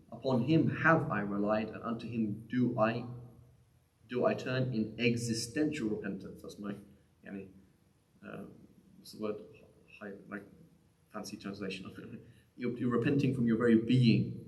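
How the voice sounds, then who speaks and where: A man giving a live lesson on Quranic Arabic in a conversational way, often asking "right?" and restarting his sentences. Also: fairly low pitch. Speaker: teacher. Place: mosque or community center room. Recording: echoey room.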